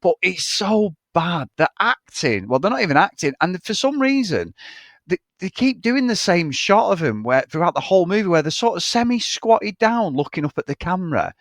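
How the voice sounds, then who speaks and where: A man's voice: sits high, big pitch swings, normal speed, a bit bright, dry recording, studio quality. A British man co-hosting a podcast, bluntly panning a film in casual chat, swearing freely. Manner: blunt, swears a lot, exasperated. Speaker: podcast co-host.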